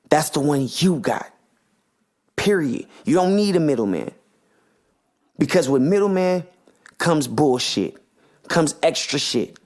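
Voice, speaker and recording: A man delivering a podcast monologue, heated and full of slang and swearing. His voice sits at an ordinary middle pitch for a man. He keeps the talk loose and worked up, like a host venting to his listeners. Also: a little mellow. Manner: impassioned, profane, slangy ranting.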